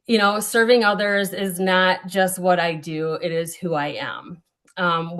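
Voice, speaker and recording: A woman serving as a small-town mayor, speaking at a town hall with a slightly low voice. She is earnest and a bit halting, dropping in ums and correcting herself as she goes. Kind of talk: prepared remarks at a town hall.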